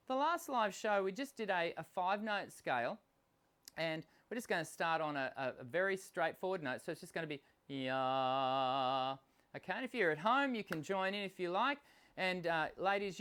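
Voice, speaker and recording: A man's voice: sits high, fairly bright tone. An Australian man hosting a live singing lesson, talking casually with lots of ums and restarts while unwell and coughing now and then. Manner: chatty, explanatory, many fillers and restarts. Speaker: host and voice coach.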